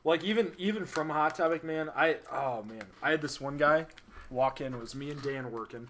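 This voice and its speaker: A man's voice: on the high side, moderate pace, fairly bright tone, slight background noise. A young man co-hosting a podcast, telling rambling stories in casual chat. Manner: rambling storyteller, lots of fillers. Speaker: podcast co-host.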